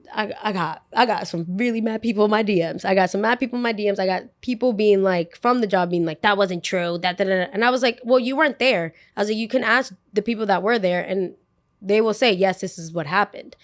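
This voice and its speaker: A young woman tells a story on a podcast in a loose, chatty way. She acts out the people she quotes with bursts of energy and fills her talk with "like." Her delivery swings between heated and offhand. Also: medium pitch. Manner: animated, acts out quotes, heavy use of "like". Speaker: podcast guest. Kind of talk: casual storytelling.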